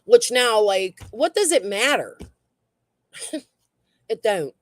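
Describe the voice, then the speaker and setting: A woman's voice: a little high, expressive, slow pace, a bit bright, dry recording. A woman hosting a casual true crime livestream and reading the chat, talking in a blunt, heated way that is full of swearing.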